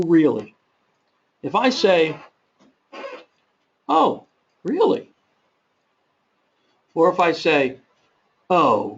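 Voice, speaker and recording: A man giving an instructional webinar in a measured, practical way, with occasional fillers and self-corrections. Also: high voice, creaky. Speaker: webinar presenter on confrontation management. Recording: muffled, dull webinar audio.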